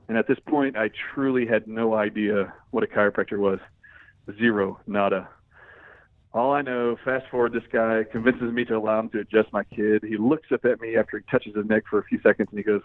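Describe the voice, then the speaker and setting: A man's voice: on the low side, brisk, no room sound. A middle-aged man telling a personal story as an interview guest, acting out the lines of the people in it. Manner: animated storyteller, acts out quoted dialogue. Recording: dry, phone-like narrow sound.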